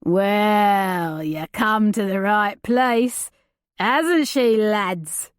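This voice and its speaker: Gravelly, menacing bearded poacher for a storybook reading, rough rural speech, slow and dry, as a woman narrator puts him on. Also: mid-range voice, no echo. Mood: leering. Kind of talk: audiobook character voice.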